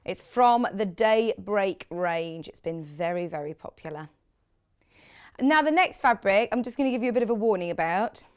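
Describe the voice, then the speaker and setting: A woman's voice: mid-range voice, lively intonation, moderate pace, smooth. A woman presenting fabrics on live shopping television, chatty and gushing, reading out viewer comments as she talks. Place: TV studio.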